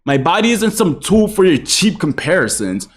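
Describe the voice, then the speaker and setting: A woman playing an offended young woman in a scripted skit, speaking in a measured, lecturing way. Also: lowish voice, very animated. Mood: firm. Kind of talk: scripted drama dialogue.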